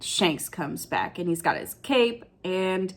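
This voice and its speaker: A woman's voice: fairly low pitch, lively intonation, slow pace. A woman recapping a manga chapter in casual chat, chatty and emotional, saying "like" often. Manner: chatty and emotional, says "like" a lot.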